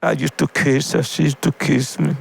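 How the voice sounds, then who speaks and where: A man, an evangelist guest, telling his personal testimony haltingly, repeating and restarting words with deep feeling. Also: fairly even intonation, gravelly, husky.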